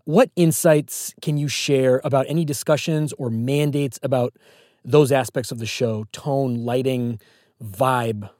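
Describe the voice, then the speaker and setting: A man's voice: mid-range voice, fairly even intonation, a little slow, a little mellow, no echo, studio quality. Eager male podcast host. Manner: eager, draws comparisons to the show. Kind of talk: interview questions and reactions. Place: studio.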